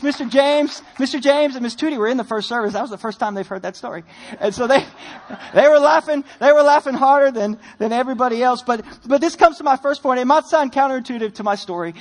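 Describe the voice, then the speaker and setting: A young man preaching a sermon, telling a personal story in an animated, self-deprecating way. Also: very high-pitched. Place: church sanctuary.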